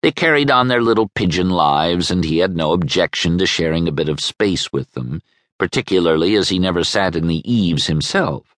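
Male audiobook narrator, wry, expressive; dry studio sound. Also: low voice, normal speed, no echo. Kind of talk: scripted narration.

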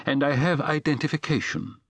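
A man voicing a strange, hesitant man from afar who speaks in a halting, careful way. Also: on the high side, breathy edge, no echo, voice pushed up. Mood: polite.

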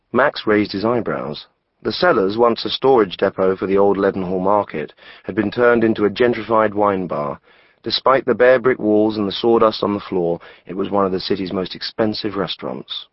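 A man reading a novel aloud as narrator, in a wry, measured way. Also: on the low side, dry recording, highs cut off. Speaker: audiobook narrator. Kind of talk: scripted narration.

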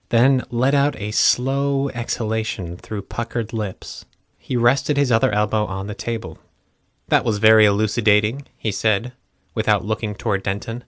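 A man's voice: medium pitch, dry recording. Man reading a novel, dry sound. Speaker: audiobook narrator. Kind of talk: scripted narration.

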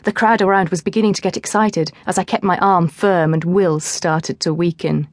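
A woman's voice: fairly low pitch, fairly even intonation, moderate pace, no room sound. Woman narrating a teen novel. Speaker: audiobook narrator. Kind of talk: scripted first-person narration.

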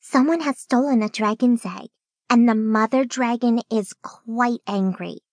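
A tiny fairy mother with a firm, confident voice, as a woman reads her part. She sounds sure of herself and a little high, recorded dry and close. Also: a little slow, no echo.

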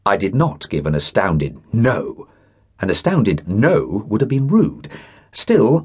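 Husky male audiobook narrator, lively delivery. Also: sits low. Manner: expressive, lively storytelling with voiced dialogue. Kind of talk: scripted narration of a classic short story.

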